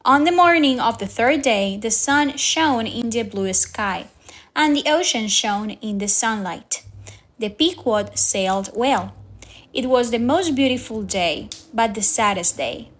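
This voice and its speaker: A woman reading a storybook aloud for young learners, slow, clear and careful. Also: a little high, lively intonation, fairly bright tone. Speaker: reader.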